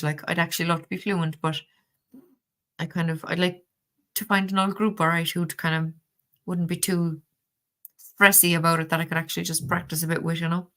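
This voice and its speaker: A woman's voice: sits low, fairly bright tone. A middle-aged woman with a Cork Irish accent, chatting casually on a livestream, telling stories with lots of fillers and restarts. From Ireland. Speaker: livestream host reading tarot.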